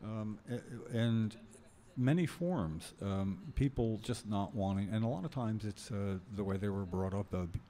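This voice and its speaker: A man hosting a podcast, speaking haltingly with many fillers. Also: fairly low pitch, mellow. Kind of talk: podcast conversation.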